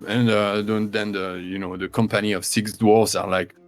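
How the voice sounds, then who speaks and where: Halting game master. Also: male voice, on the low side, level tone, no room sound, faint music behind. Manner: halting, full of fillers and restarts. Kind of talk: narrating a tabletop game.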